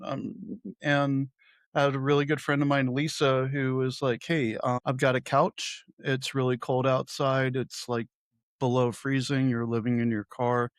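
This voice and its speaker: A man's voice: medium pitch, level tone, unhurried, clear, resonant tone, no room sound. A middle-aged man co-hosting a podcast, telling wry, self-deprecating anecdotes in casual chat. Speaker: podcast co-host.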